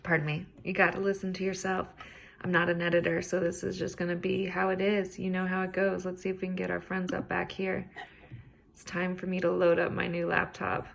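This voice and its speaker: A woman's voice: fairly low pitch, monotone, a little fast, gravelly, slight background noise. A woman hosting a podcast, talking casually and earnestly on her own, encouraging and a bit rambling. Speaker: podcast host. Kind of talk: casual solo self-help talk.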